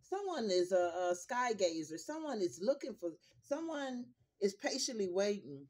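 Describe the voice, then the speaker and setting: A woman's voice: mid-range voice, very animated, moderate pace, a little mellow. A grandmother reading tarot cards casually to her viewers, in a blunt, profane and emphatic way, repeating her points. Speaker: tarot reader.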